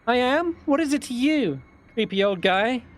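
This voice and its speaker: A man's voice: very high-pitched, expressive, moderate pace, soft background music, voice pushed up. A man voicing a cheeky, defiant halfling woman bard in a tabletop game. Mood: mocking. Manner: sassy, indignant.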